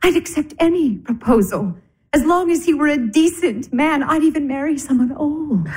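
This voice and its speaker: An actress playing a gentle, sensible older sister who comforts tenderly. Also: female voice, sits high, lively intonation, moderate pace. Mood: soothing. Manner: soothing, tender. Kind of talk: stage drama acting.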